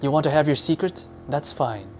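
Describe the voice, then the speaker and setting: A man voicing a calm but threatening male ruler who coaxes and commands. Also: on the high side, a little fast, soft background music, voice pushed up, close to an everyday voice. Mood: menacing. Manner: smooth, coaxing, then bellowing.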